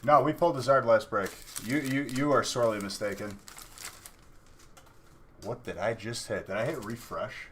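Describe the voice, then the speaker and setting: A man's voice: mid-range voice, moderate pace, pauses often, slight background noise. A man hosting a live card-opening stream, chatting casually and teasing his viewers. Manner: joking, teasing chat viewers. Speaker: livestream card breaker.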